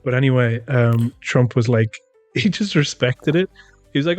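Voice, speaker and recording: A man's voice: medium pitch, moderate pace, no echo, soft background music. An Irish man co-hosting a podcast in casual chat, retelling events and mimicking the people he quotes. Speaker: podcast co-host.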